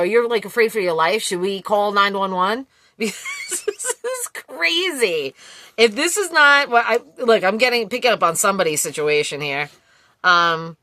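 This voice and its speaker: Blunt, bright-voiced woman reading tarot. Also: medium pitch, no room sound. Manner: blunt, swears freely, laughs often. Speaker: tarot reader. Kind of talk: casual collective tarot reading.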